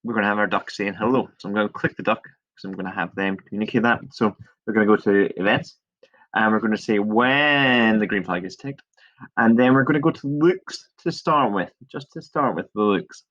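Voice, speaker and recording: A male teacher walking through a coding tutorial step by step, chatty and relaxed, shrugging off his own small mistakes. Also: lowish voice, fairly quick. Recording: dull lo-fi screen recording.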